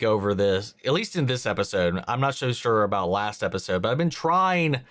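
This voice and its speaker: A man's voice: fairly low pitch, a bit bright. A man giving casual, emphatic reaction commentary on a show episode, swearing freely and calling the viewer "man".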